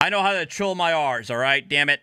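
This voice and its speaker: A man's voice: fairly high pitch, animated, a little fast, pushed and bright, a little hiss or hum. A man giving rambling, profane reaction commentary, correcting himself as he goes and a bit drunk. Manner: rambling, heavy swearing, self-correcting. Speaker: commentary host.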